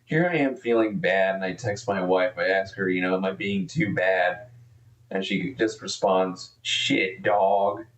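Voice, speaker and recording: A man's voice: low-pitched, a little slow, a bit bright, echoey room, far from the mic. A man live-streaming and commenting casually, profane and rambling, easily exasperated.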